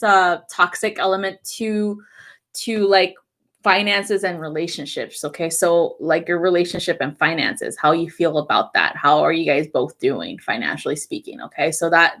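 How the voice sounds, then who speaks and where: A woman reading weekly astrology transits, talking bluntly to her viewers with lots of swearing and frequent laughter. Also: mid-range voice. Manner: animated, talks directly to viewers. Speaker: astrology and tarot reader. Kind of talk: casual weekly astrology forecast.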